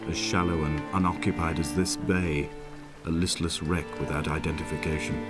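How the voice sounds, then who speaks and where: Brooding lonely game narrator, deep, measured, with a loud music bed. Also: male voice, little pitch movement. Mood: melancholy. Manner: somber, reflective, measured. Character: brooding lonely man reminiscing on an island. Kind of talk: scripted narration.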